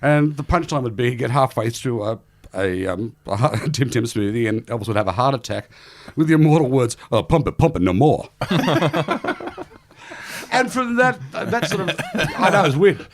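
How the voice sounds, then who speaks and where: A middle-aged Australian man in casual podcast chat, telling stories in an animated, self-deprecating way and laughing often. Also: medium pitch, normal speed. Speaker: guest comedian.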